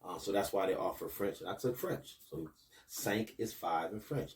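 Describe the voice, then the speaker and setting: A man's voice: lowish voice, moderate pace, distant mic. A man in his thirties from Buffalo, New York, hosting a casual podcast as a basketball coach and hyping up his viewers. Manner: hypes up viewers, rising excitement with promos.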